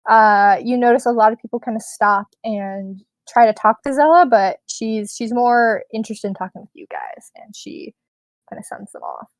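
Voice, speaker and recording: Relaxed rambling woman game master. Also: on the high side, normal speed, few pauses, dry recording. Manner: relaxed, rambling, many fillers. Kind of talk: narrating a tabletop game.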